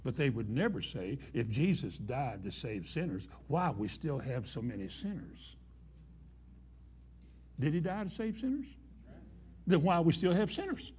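A man preaching a sermon in a folksy way, dropping to a hush and then rising to emphatic declarations. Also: mid-range voice, big pitch swings, unhurried, long pauses, slightly rough. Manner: folksy, swings between hushed and emphatic. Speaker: pastor.

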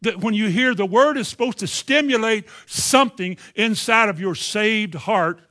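A man's voice: high-pitched, normal speed, sharp tone. Preacher telling his story. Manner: storytelling, stammers on words. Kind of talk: sermon with personal testimony.

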